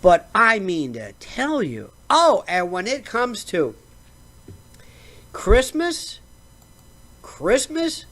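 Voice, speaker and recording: Sarcastic, animated American woman ranting. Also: fairly low pitch, takes it slowly, few pauses. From United States. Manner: sarcastic, rambling, digressive. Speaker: show host. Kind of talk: comedic rant.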